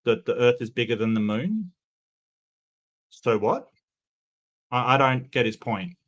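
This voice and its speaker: A man hosting casual commentary on a video clip, talking in an incredulous way that jumps up in pitch when he objects. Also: animated, a little slow, a bit bright. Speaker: commentary host reacting to a clip.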